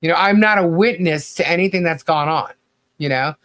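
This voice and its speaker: A man's voice: a little high, fairly quick, fairly bright tone, dry recording. A man co-hosting a podcast, delivering critical commentary in a rambling, blunt rant full of "you know" and casual swearing. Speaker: podcast co-host.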